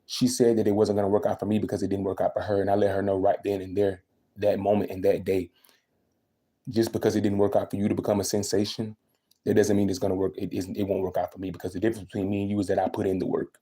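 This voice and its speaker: Young man, quick emphatic livestream rant, low and warm. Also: level tone. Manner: venting, emphatic, repeats himself. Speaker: livestreaming vlogger.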